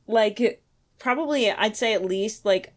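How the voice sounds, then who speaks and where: A woman's voice: mid-range voice, measured pace. A young woman guest on a podcast, chatting casually, often laughing, exclaiming and acting out quotes. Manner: giggly, exclaiming, acts out quotes. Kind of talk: casual chat.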